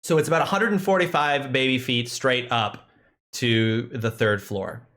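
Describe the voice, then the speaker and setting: A man's voice: medium pitch, normal speed, fairly bright tone. A man narrating as game master in a casual, rambling way with many fillers.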